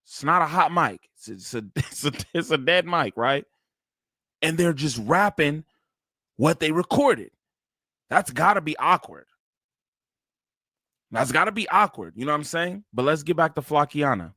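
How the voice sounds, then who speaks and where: A man hosting a casual live-stream reaction, his slightly high voice recorded dry and close with no room sound. He talks loosely and profanely and keeps breaking into bursts of laughter. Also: expressive, normal speed, bright, forceful tone, dry recording.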